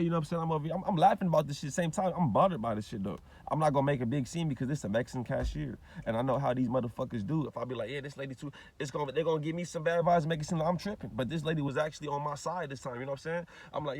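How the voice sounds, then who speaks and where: A man's voice: fairly high pitch, very fast. A young man, telling a rambling, profane story straight to the camera in a ranting vlog. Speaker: vlogger.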